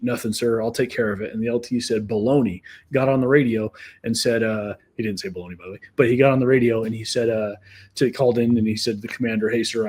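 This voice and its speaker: A man's voice: mid-range voice, darkish tone, husky. A middle-aged man hosting a podcast, telling anecdotes with quoted dialogue and often restarting his sentences. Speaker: podcast host. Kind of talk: conversational storytelling.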